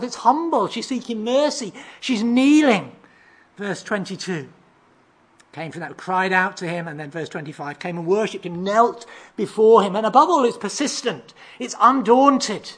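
A preacher with a husky, slightly breathy voice walks through a passage verse by verse. The delivery poses rhetorical questions and now and then stumbles into fillers before picking up the thread. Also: mid-range voice, lively intonation, a little slow, a bit bright. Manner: expository, asks rhetorical questions, reads out verses; occasional hesitant fillers and restarts. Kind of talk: sermon.

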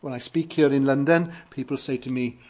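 A man from Wales with a Welsh accent, preaching an earnest sermon with emphatic rises and quiet falls. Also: mid-range voice, fairly even intonation, fairly quick. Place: church in London.

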